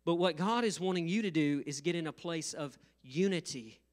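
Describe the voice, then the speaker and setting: A middle-aged male pastor preaching a sermon, telling a funny story, laughing often and rising to loud, emphatic bursts. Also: fairly high pitch, moderate pace. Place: church sanctuary.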